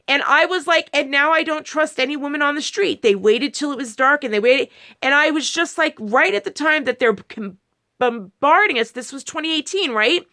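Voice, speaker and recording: A woman's voice: sits high, pushed and bright. A married woman talking casually to camera, rambling through a personal story with many restarts and quoted asides. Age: adult, married. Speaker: video creator.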